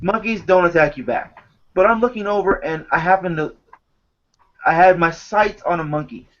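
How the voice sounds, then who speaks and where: A man telling stories in casual chat, animated and swearing often. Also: sits high, normal speed. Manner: animated storyteller, swears a lot. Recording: dull lo-fi recording.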